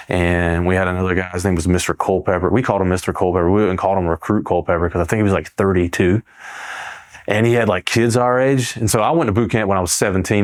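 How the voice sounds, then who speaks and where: Rambling ex-Marine man, lowish voice. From South Carolina. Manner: rambling, heavy on fillers like "like" and "bro". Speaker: Marine veteran guest. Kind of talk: casual storytelling.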